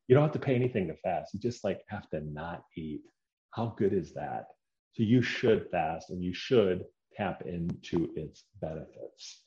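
A man talking casually in a vlog, animated and chatty, with mild swearing and self-mocking asides. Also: deep voice. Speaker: fitness vlogger. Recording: echoey room, dull sound.

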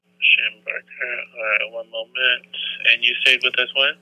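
A man's voice: mid-range voice, flat delivery, normal speed, muffled recording. A man working a hotel front desk, polite and formal, laughing lightly.

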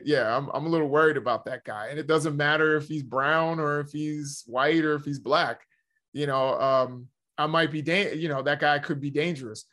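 A man in relaxed conversation with a somewhat high-pitched voice. He rambles, circles back and fills his pauses with "you know" as he works through his point. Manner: rambling, self-correcting, frequent "you know". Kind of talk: casual conversation.

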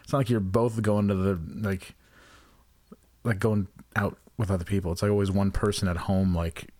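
Male podcast co-host, low register, dry sound, profane sarcastic rants. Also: level tone, moderate pace, dark tone, no room sound. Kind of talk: casual comedic chat.

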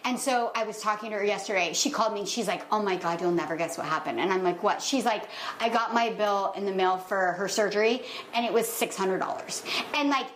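A woman's voice: medium pitch, fairly quick. A middle-aged woman co-hosting a podcast, joking and acting out quotes as she tells stories. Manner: animated, jokey, acts out quotes. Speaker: podcast co-host. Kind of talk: casual chat. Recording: roomy echo with faint noise.

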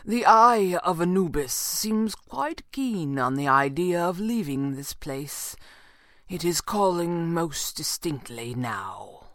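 Woman reads a mysterious male stranger in a storybook: slow, deep-set, sure of himself, dry close sound. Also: animated, fairly bright tone, no echo, full character voice. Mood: assured. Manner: slow, measured, very certain. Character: calm mysterious male stranger guided by an amulet.

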